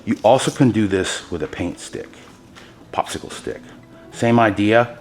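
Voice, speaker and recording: A man hosting a hands-on epoxy tutorial, talking straight to his viewers, excited by his own results and handing out pro tips as he works. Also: lowish voice, measured pace, soft background music. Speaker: host demonstrating epoxy countertop techniques.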